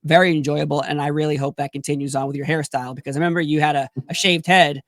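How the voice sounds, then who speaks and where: A man's voice: fairly high pitch, little pitch movement, quick pace, fairly bright tone, no echo, studio quality. A man hosting an interview, asking long, enthusiastic questions full of fillers and restarts. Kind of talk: casual sit-down interview.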